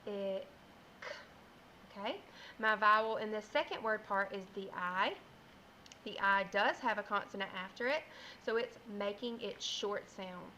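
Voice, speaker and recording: A woman teacher giving a phonics lesson for young children, speaking slowly and clearly and sounding out letters one by one. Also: medium pitch, pushed and bright, slight background noise, poor audio.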